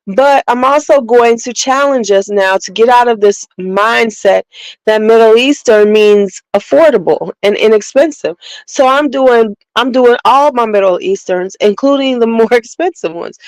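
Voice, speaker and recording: A woman's voice: a little high, no echo, low-quality recording. A woman from Chicago hosting a casual beauty livestream, chatting candidly, rambling and greeting viewers by name.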